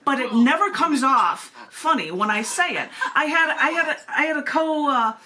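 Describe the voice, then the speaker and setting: A woman's voice: high voice, normal speed. A woman hosting an open mic from home over a video call, reading her own poems with chatty, laughing asides. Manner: animated, laughs often between pieces. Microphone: computer mic on a video call.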